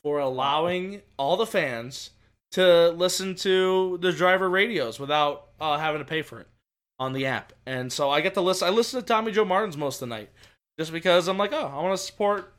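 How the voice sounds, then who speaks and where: A man co-hosting a podcast, rambling excitedly about racing with many restarts. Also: a little high, moderate pace. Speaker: podcast co-host. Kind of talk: casual racing chat.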